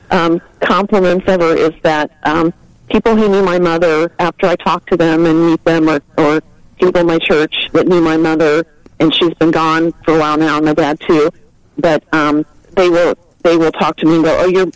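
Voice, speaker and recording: A middle-aged woman calling in to a radio show, telling a heartfelt story in a halting way with many ums. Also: sits low, steady tone, no room sound, low-quality recording. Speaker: caller. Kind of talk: call-in radio testimony.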